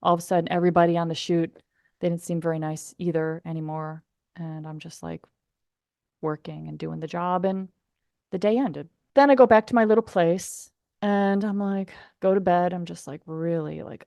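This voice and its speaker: A woman's voice: lowish voice, moderate pace, gravelly, dry recording. Chatty woman telling a story, dry sound. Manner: chatty, animated, many fillers. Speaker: podcast host. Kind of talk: casual storytelling.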